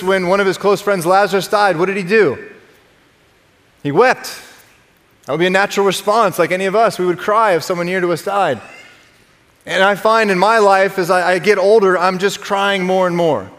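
A man in his thirties delivers a sermon with a high, bright-pitched voice. He speaks conversationally, repeating words when he restarts and joking with the congregation. The sound carries a long echo from a large church hall. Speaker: pastor. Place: church sanctuary.

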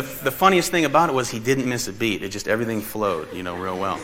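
A man preaching a sermon as pastor, telling a personal story with animated energy and laughing along as he goes. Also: on the low side, fast talker, few pauses, a crowd in the background. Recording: reverberant hall, faint ambience.

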